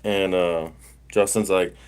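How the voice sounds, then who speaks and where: A man's voice: deep voice, steady tone, slow pace, darkish tone, smooth. Rambling man chatting live. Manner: rambling storyteller, many fillers and restarts. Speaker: livestream host. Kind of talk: casual livestream chat.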